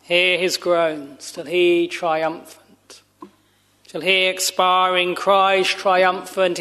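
Male preacher, high voice, unhurried and solemn, dropping to a hush now and then. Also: flat delivery. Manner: slow, solemn, measured preaching with long pauses. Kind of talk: sermon.

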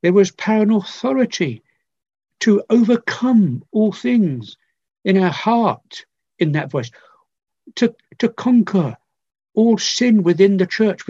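An older man preaching a sermon, earnest and pleading, with repeated phrases and long pauses. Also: high-pitched, dark tone, slightly rough, no room sound. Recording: dull lo-fi recording.

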